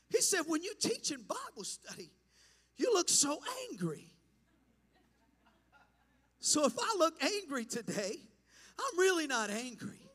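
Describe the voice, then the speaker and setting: High-voiced impassioned male preacher. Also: very animated, slow, long pauses, big-room sound. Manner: impassioned, rising to shouts. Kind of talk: pentecostal-style sermon. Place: church sanctuary.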